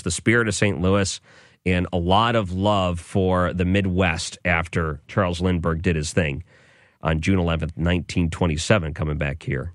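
A man's voice: sits low, no room sound, studio quality. A man hosting an overnight radio show, chatting enthusiastically with some restarts. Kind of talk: casual radio talk. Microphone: studio microphone.

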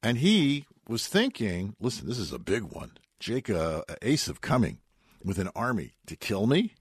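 Animated man preaching a folksy sermon. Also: fairly low pitch, normal speed, slightly rough, dry recording. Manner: animated storytelling with Hebrew and Yiddish words; folksy, homespun asides. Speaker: rabbi giving a weekly Torah talk. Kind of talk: radio sermon on the weekly portion.

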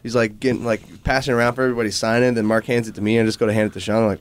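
A man's voice: medium pitch, steady tone, very fast. A man, a band member guest on a podcast, telling a story in loose casual chat.

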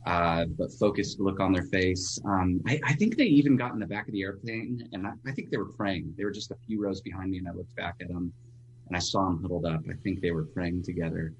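A man, a pastor, telling a personal story as a radio guest in an earnest, halting way with frequent restarts. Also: low voice, slight background noise.

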